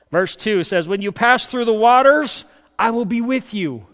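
Guy preaching in a church, fairly high voice, folksy and chatty, goes loud then real soft, long hall echo. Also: moderate pace. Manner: swings from loud scripture reading to soft, hushed asides; folksy, conversational storytelling. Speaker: pastor. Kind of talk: sermon.

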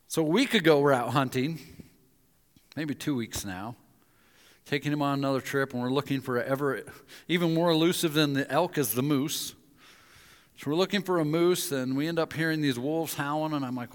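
Speaking at a moderate pace in a slightly high voice, this man delivers a storytelling sermon as a pastor. He brings his stories alive by performing the quoted voices of their characters, and the sound carries a long hall reverb.

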